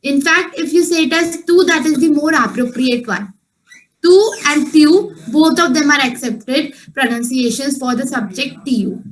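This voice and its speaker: A woman teaches a beginner French lesson in a high voice. She is patient and repeats each point slowly so it sinks in. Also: a bit bright, slight background noise, low-quality recording. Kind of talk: online class instruction.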